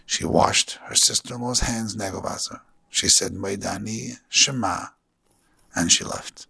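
Gravelly, husky man telling a sermon story. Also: lowish voice, fairly even intonation, a little slow, bright, forceful tone. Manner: earnest storytelling with Yiddish and Hebrew terms.

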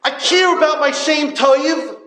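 Man giving a yeshiva talk, high-pitched, with yeshivish English full of Yiddish words and a storytelling way of addressing listeners; recorded in a roomy space. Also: measured pace, sharp tone, slight background noise. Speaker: yeshiva lecturer. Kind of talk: Torah talk to yeshiva students. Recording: echoey room.

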